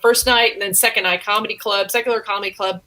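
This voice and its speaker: A woman comedian, telling stories in an interview with lively laughter. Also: medium pitch, quick pace, rough recording. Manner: animated, laughing while she tells stories. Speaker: comedian, guest. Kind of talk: interview storytelling.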